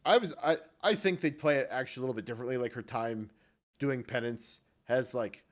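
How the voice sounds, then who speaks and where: A man co-hosting a relaxed gaming podcast. He talks at an even middle pitch and rambles hesitantly, circling back and restarting his thoughts as he goes. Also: fairly quick. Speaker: podcast co-host. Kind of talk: casual chat about video games.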